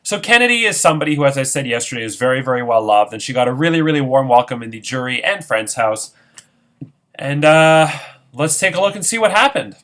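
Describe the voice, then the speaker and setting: A man's voice: mid-range voice, animated, brisk, fairly bright tone. Chatty male game-show host, faint music. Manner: chatty, lots of fillers. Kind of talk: casual scripted hosting.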